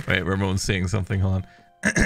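A laid-back man streaming, chatting easily as he plays and humming little tunes to himself. His voice sits a bit low, with a bright, forward tone, and faint music plays in the background. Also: vocal fry. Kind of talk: casual chat while gaming.

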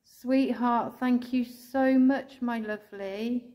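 An English woman ghost hunter calling out to spirits indoors, speaking slowly and tenderly, sometimes tearful, recorded on a handheld camera. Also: fairly high pitch, steady tone. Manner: soft, pleading, slow and tender, calling out with endearments. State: tearful at times.

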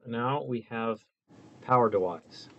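A man hosts a home mic-test video, joking loosely as he explains each step at his desk while wearing a lavalier mic. His mid-range voice moves slowly, and the recording is muffled with no room sound.

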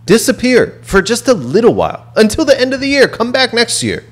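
Lively-pitched blunt podcast man. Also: a little fast. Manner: blunt, fired-up, swears freely. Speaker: podcast co-host. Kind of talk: casual chat.

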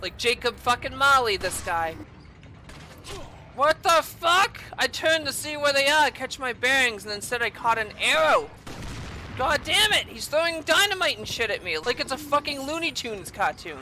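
A woman's voice: a little high, sing-song, normal speed, bright, forceful tone, a little hiss or hum. A woman streaming a video game, swearing and bursting out at what happens on screen. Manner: profane, explosive outbursts. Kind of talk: gaming stream commentary.

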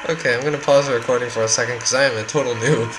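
A man giving casual, excitable, self-mocking commentary while he plays a video game. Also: mid-range voice, very fast, noisy background. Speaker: let's play gamer. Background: game music.

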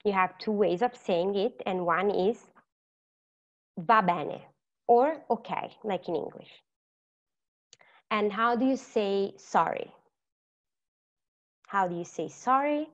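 Woman, Italian accent, language teacher, patient, repeats and quizzes, slightly muffled audio. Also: mid-range voice. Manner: patient, repeats words slowly and quizzes the learner. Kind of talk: online lesson.

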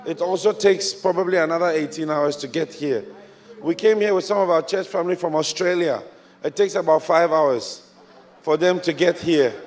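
A man from Ghana preaching a sermon as a bishop, swinging from quiet reflection to shouted exhortation with repeated rhetorical questions. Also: high voice, slight background noise. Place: large church auditorium. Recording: large church hall with long reverb, music behind.

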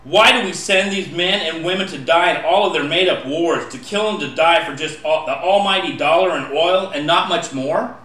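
A man's voice: a little high, moderate pace, hardly any pauses, recorded from a distance. Impassioned man reciting poetry, echoey room. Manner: impassioned, rising to pleading shouts. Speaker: poet. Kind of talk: spoken-word poetry recitation.

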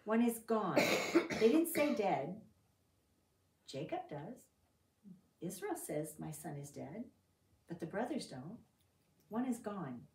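A woman's voice: medium pitch, slow, long pauses. A woman leading a Bible study, reading scripture aloud and asking her group questions in a conversational way. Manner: reads scripture aloud with lively emphasis. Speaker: Bible teacher. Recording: echoey room, voice from a distance.

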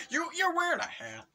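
A young man hosting a gaming video, commentating excitedly and teasing his opponent with frequent yelps and laughs. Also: extremely high pitch, a little hiss or hum. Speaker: gaming channel host.

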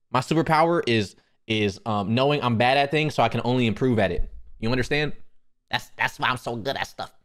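A young man streaming casually, joking and swearing as he stumbles over new phrases. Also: medium pitch. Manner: joking, profane, self-mocking. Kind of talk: casual livestream chat.

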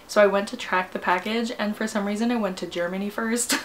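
A woman's voice: mid-range voice, fairly even intonation, brisk, slight background noise. A young woman vlogging a book unboxing, gushing and giggling, repeating exclamations and sometimes dropping almost to a whisper. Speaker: booktuber. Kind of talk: excited unboxing vlog.

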